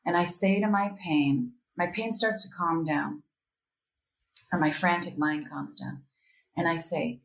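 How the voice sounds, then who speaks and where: This podcast guest is a woman with a fairly low, unhurried voice who talks candidly and reflectively, with animation, frequently voicing her own self-talk. The casual interview was captured in a room with noticeable echo.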